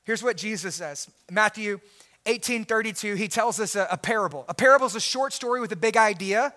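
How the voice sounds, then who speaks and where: A male pastor preaching a sermon in an earnest way, swinging from quiet, low lines up to shouted emphasis and often repeating words as he goes. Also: brisk.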